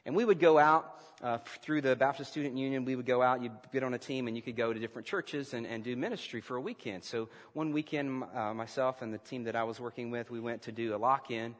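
A man preaching to his congregation, mid-pitched and animated, leaning hard on certain words and easing off on others. The sound carries a long reverb from the church sanctuary around him. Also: fast talker, hardly any pauses. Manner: animated preaching, varies emphasis and loudness. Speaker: pastor. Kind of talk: sermon.

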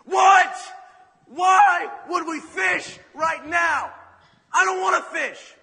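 A fed-up, weary fisherman grumbles and snaps in bright, tense bursts, as a preacher puts him on. The voice rings out in a big reverberant hall. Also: extremely high pitch, takes it slowly, gravelly, a faint crowd, voice pushed up, heavily acted. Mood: exasperated shout. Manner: complaining, exasperated outbursts. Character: frustrated tired male fisherman, grumbling.

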